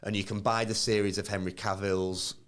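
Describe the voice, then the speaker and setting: A man's voice: lowish voice, level tone, brisk, a bit bright, clean tone. A man in his thirties co-hosting a live podcast, chatting casually and acting out quoted voices as he tells stories. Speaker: podcast co-host.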